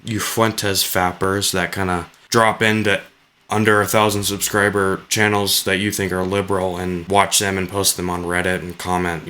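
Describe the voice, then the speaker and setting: Guy ranting over clips, swears a lot, low pitched, bright edgy tone. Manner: sarcastic, rambling, swears a lot. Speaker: reaction video commentator. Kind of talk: sarcastic reaction commentary.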